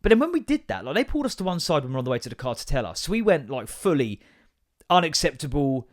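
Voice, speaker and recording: A man's voice: on the high side, sing-song, quick pace. A man, hosting a casual comedic podcast monologue in a rambling, swearing, self-mocking way. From England. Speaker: podcast host.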